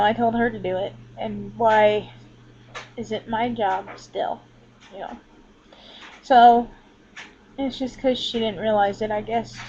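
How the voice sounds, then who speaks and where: This casual home vlog features a woman with a slightly high, darkish voice, talking frankly and cursing often while leaning back from her laptop indoors. Sound comes through the laptop's built-in microphone and is dull and lo-fi.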